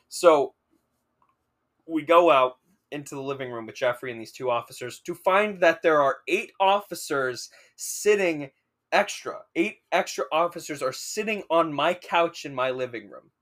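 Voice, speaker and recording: Young male podcast co-host, casual storyteller, a touch high-pitched, animated and swears freely. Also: normal speed.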